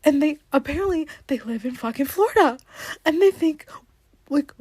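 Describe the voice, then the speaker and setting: A woman's voice: high-pitched, animated, normal speed, a little mellow, no echo, clean studio sound. A young woman hosting a podcast, telling stories in a rambling, dramatic way and laughing often. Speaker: podcast host. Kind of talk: casual podcast monologue.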